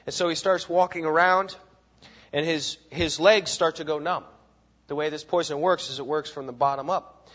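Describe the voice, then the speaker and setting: Male Bible teacher, emphatic lecturer, fairly high voice, dull lo-fi recording. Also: moderate pace. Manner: animated, emphatic, repeats words and asks "right?". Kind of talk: classroom lecture with readings.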